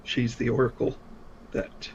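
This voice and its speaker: A man playing a tabletop role-playing game, speaking slowly and haltingly with many fillers, sometimes in character. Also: darkish tone. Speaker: player. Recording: dull low-fi stream audio with faint noise.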